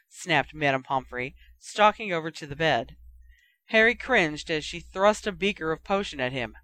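A narrator reads a story in a steady, even way. The voice is bright and smooth, and the recording is close and dry with no room sound. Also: mid-range voice, normal speed, no echo. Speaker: audiobook narrator. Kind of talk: reading fan fiction aloud.

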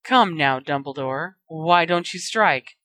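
A cold, cruel dark wizard who hisses his words and mocks his foes, as a woman reads him aloud. His voice sits low and comes through dry and close. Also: lively intonation, slow, no echo, heavily acted. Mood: mocking. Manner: hissing, mocking. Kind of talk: fan fiction reading.

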